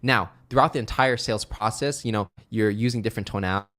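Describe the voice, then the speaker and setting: A man's voice: fairly low pitch, fast talker, fairly bright tone. A man teaching phone sales technique in an upbeat, conversational way, often checking in with "right?". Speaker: sales trainer. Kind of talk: instructional talk to camera.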